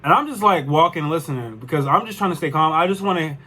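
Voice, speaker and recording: A man's voice: on the high side, animated, fast talker, bright, forceful tone, slightly rough. A young man telling a personal story in a casual, rambling way, full of swearing and "like". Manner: rambling, profane, lots of "like". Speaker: vlogger.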